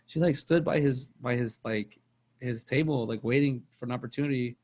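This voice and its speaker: A man's voice: medium pitch, a little fast, darkish tone. A young man, rambling through a casual movie chat on a podcast and repeating words as he tells stories. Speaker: podcast co-host.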